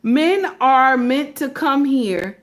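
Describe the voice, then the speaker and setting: An online commentator, a woman with a high-pitched voice, speaks slowly in a preachy, sermon-like monologue. She emphatically fires rhetorical questions at her listeners and calls them her sisters.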